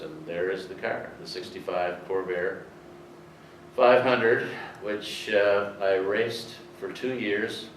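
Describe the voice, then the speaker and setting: Deep-voiced older man telling stories. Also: slow pace. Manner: rambling anecdotal, many fillers. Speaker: speaker telling racing history. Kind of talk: storytelling talk to an audience. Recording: roomy, distant, faint hiss.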